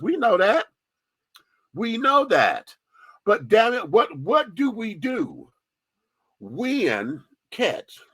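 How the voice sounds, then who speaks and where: A man's voice: high-pitched, sharp tone, no room sound. Sassy guy ranting on his radio show, voice all over the place, dead dry room. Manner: emphatic, profane, sassy. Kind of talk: impassioned commentary.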